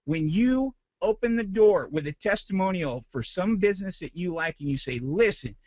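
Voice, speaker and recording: A man's voice: high voice, expressive, moderate pace, a little mellow, no room sound, highs cut off. A man, a business owner, giving a motivational talk to a group, retelling a frustrating story with rising intensity.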